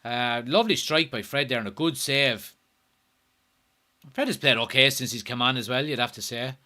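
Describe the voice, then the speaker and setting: A young man hosting a live football watchalong, reacting excitably, swearing often and reading out viewer comments. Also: medium pitch, normal speed. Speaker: watchalong host.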